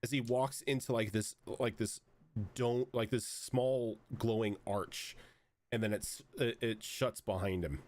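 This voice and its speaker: A man's voice: mid-range voice, steady tone, measured pace, a little mellow. A man narrating as game master of a tabletop role-playing game, talking in loose, rambling sentences full of fillers. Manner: rambling, many fillers and restarts.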